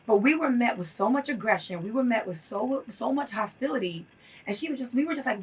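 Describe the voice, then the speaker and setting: A woman's voice: fairly high pitch, expressive, brisk, recorded from a distance, a little hiss or hum. A woman guest in a casual interview, talking emphatically and telling stories with acted-out quotes.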